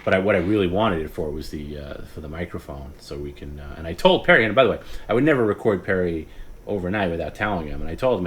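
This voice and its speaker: A man hosting a casual late-night stream, rambling, often laughing and breaking into hushed imitations of others. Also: low-pitched, fast, a little hiss or hum. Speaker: podcast host.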